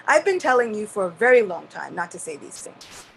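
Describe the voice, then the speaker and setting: A woman's voice: mid-range voice, very animated, brisk, creaky, a bit bright, slightly rough, full character voice, poor audio. A woman voicing Lord Brahma, an elderly male creator god who earnestly blames himself, in a devotional story. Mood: self-reproaching. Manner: self-reproaching, earnest, emphatic.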